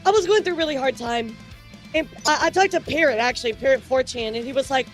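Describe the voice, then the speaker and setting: A woman's voice: high-pitched, fast, soft background music. A woman hosting a live stream, talking casually to her chat, chatty and repetitive with frequent laughs. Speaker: streamer news host.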